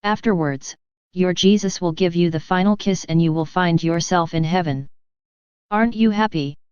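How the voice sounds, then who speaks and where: A woman voicing a gentle, consoling male divine speaker in a calm, tender, instructive way. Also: on the low side, moderate pace, clear, resonant tone, no echo, dull audio, natural voice.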